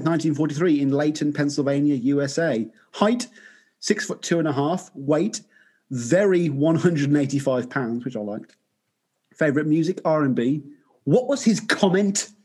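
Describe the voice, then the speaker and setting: Husky-voiced man hosting a podcast. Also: a little high, lively intonation, moderate pace, darkish tone. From Birmingham, England. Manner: joking, teasing, laughs often. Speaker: podcast host. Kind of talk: casual podcast chat.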